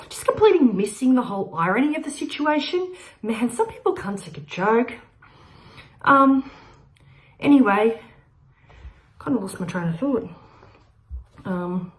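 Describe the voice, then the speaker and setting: A woman giving a comic spoken-word performance, rambling through an absurd story with frequent laughs, loud shouts and quiet muttered asides. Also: on the high side. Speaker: open-mic performer.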